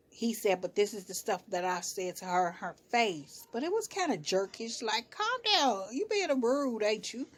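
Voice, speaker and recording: Female vlogger, casual recap talk, slangy, animated delivery. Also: mid-range voice. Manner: chatty, animated, slangy, shifts into quoted voices.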